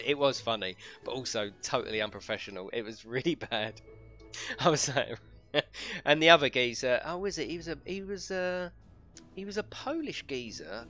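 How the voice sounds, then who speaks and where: A man's voice: mid-range voice, sharp tone. A man streaming a game, chatting casually and telling stories, laughing often and swearing freely. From United Kingdom. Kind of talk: casual live-stream chat. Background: faint music.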